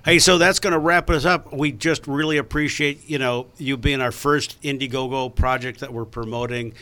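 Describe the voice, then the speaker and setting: A man's voice: mid-range voice, fairly even intonation, normal speed, sharp tone. A man hosting a casual talk show, chatty and rambling, with lots of fillers. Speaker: podcast host.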